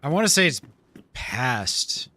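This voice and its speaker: Chatty male game streamer, bright lively voice. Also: medium pitch, slow pace. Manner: chatty, laughs often, self-deprecating. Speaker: streamer playing a role-play game. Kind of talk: casual chat while gaming.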